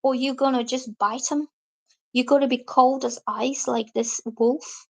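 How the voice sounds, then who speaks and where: High-pitched woman doing a live tarot reading, chatty, reads out comments, acts out what ppl might say. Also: unhurried, gravelly. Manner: chatty, explains cards, reads viewer comments aloud; lively, acts out quoted reactions. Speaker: tarot reader.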